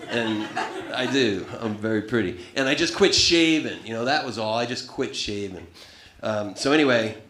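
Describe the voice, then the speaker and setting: A man's voice: fairly low pitch, normal speed, hardly any pauses, a crowd in the background. A man doing wry, profane stand-up comedy storytelling on a club stage into a handheld mic. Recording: echoey live club room.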